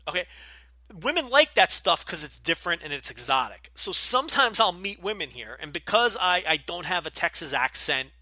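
Jersey guy with a light accent rambling and swearing on his podcast, kinda high, super bright edgy voice. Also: dry recording. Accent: light New Jersey. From New Jersey. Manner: blunt, profane, rambling with many fillers. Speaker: podcast host. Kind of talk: casual Q&A podcast.

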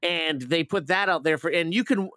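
A man's voice: on the high side, normal speed, bright, forceful tone, no echo. A man casually retelling a movie plot on a review podcast, rambling with lots of fillers and swearing. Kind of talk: casual chat.

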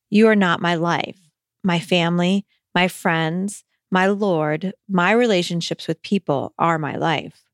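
A woman's voice: on the low side, no room sound, studio quality. A woman hosting a podcast, reading a listener's letter aloud and then giving reassuring, conversational advice with some hesitant restarts.

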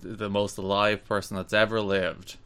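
A man's voice: on the low side, flat delivery, normal speed, a bit bright, clean tone. A young man hosting a podcast in casual chat, dry and teasing. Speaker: podcast host.

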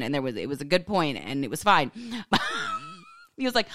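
A woman in her forties hosting a podcast in casual chat, candid and animated, swinging up into high excited exclamations. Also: a little fast, long pauses, no room sound, studio quality. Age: 40s. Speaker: podcast host. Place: home office.

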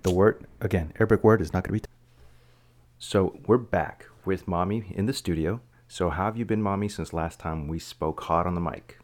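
A woman's voice: a bass voice, moderate pace, darkish tone. A woman hosting a casual podcast, rambling and self-mocking with frequent restarts. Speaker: podcast host.

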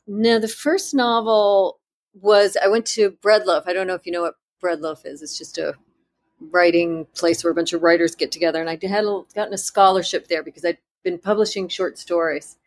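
A woman author in an interview, telling her story in a candid, self-deprecating way with halting restarts. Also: fairly low pitch, fairly even intonation.

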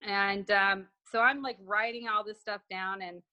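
A woman's voice: medium pitch, fairly even intonation, a little slow, pushed and bright. A woman guest telling a personal story in conversation, acting out remembered dialogue with frequent restarts.

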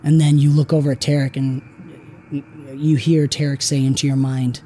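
A man running a tabletop game as game master, narrating a vision in a slow, deliberate way with pauses. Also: mid-range voice, little pitch movement, mellow, slight background noise.

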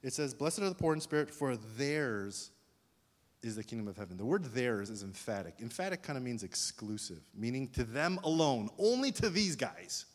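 A pastor preaching to his congregation in a relaxed, conversational way. He keeps pausing to ask whether everyone follows. His voice carries a long reverb from a large hall. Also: mid-range voice. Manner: conversational, asks the congregation questions. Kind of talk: sermon.

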